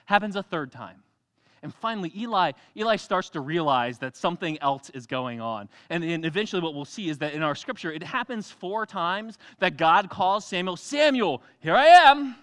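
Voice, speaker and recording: A young adult man preaching a sermon in a church, telling the story with animated energy, acting out voices and laughing often. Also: on the high side, normal speed, clean tone. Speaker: pastor.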